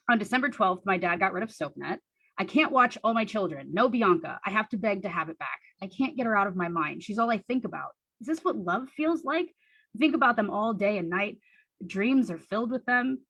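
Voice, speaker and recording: A young woman with a husky, slightly breathy voice reads from her teenage diary in an earnest, deadpan way. She drops in wry asides about her younger self. The sound is dry and close. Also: mid-range voice, no room sound, poor audio. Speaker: storyteller reading her teenage diary on stage. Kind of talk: comic reading of childhood diary.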